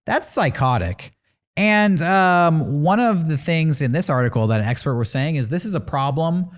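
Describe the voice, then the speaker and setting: A man's voice: a little high, animated, normal speed. A man in his thirties co-hosting a podcast, chatting casually about news stories in an opinionated, rambling way. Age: 30s. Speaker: podcast co-host.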